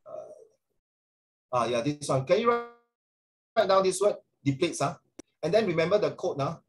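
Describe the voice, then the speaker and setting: A man's voice: fairly high pitch, sing-song, normal speed, low-quality recording. A middle-aged Singaporean man giving a chatty classroom lecture as a social studies teacher, with frequent rhetorical tag questions.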